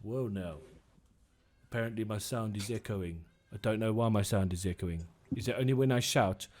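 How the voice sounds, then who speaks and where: A man's voice: fairly low pitch, moderate pace, darkish tone. Casual male game master. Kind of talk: narrating a tabletop game.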